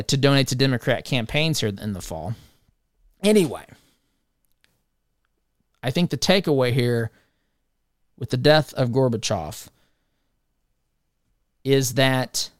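A man's voice: mid-range voice, smooth, no room sound. Male talk host, opinionated and chatty, dry close sound, mid-range voice. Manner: opinionated, conversational, addresses listeners as friends. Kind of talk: political commentary.

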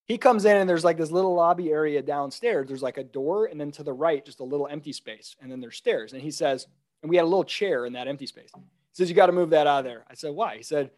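Animated man telling stories, casual chat. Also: on the high side. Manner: animated storyteller, acts out quotes with laughs. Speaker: podcast host.

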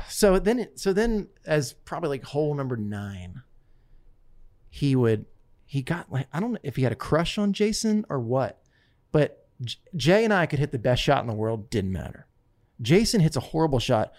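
A man casually telling a long story, acting out what others said in lively voices. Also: a little high, moderate pace. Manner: animated, quotes others in lively put-on voices.

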